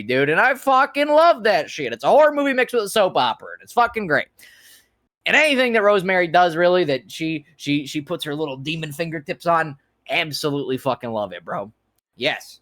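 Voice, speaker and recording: A young man co-hosting a podcast in casual chat, excitable and profane, going from loud enthusiasm to soft, teary talk. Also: sits high. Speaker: podcast co-host.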